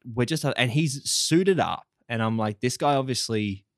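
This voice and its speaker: A man telling a workplace story on a podcast in a relaxed, joking way. His voice has a middle pitch for a man and sounds close and dry. He laughs through his punchlines. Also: moderate pace, dry recording. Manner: laid-back, swears casually, laughs mid-story. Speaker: podcast co-host. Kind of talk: casual chat, storytelling.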